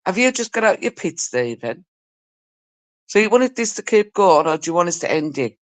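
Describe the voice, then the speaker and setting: A woman's voice: fairly low pitch, very animated, moderate pace. A middle-aged woman from Britain hosting a live stream, telling stories in casual chat and mimicking the people in them. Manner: chatty and storytelling, mimicking people she talks about.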